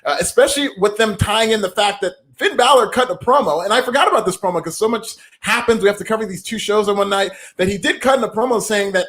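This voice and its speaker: A man's voice: high voice, fast, few pauses, fairly bright tone. A man co-hosting a wrestling podcast, giving emphatic, opinionated takes in casual chat.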